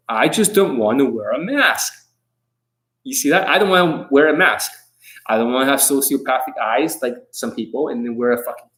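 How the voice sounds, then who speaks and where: A man's voice: mid-range voice, fairly bright tone, poor audio. A man coaching on dating in a livestream monologue, brash and combative, swearing often and boasting about himself in the third person.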